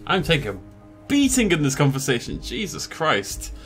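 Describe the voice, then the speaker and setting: A man talks through a video game in a casual, self-mocking way, often hesitating and restarting. His pitch is animated, and faint music sits underneath. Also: moderate pace. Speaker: let's play host. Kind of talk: casual gameplay commentary.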